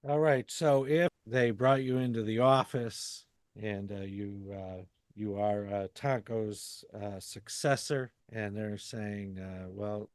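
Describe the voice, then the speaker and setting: A man hosting a podcast, asking interview questions slowly and deliberately, with frequent fillers. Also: on the low side, fairly even intonation, no room sound. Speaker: podcast host.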